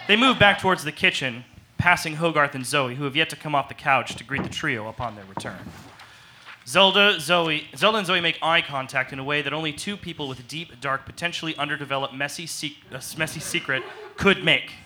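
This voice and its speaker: Bright-voiced comic narrator, man. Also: fairly high pitch, a little fast, a little hiss or hum. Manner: deadpan with sudden laughs and sound effects. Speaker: narrator of an improv audio comedy.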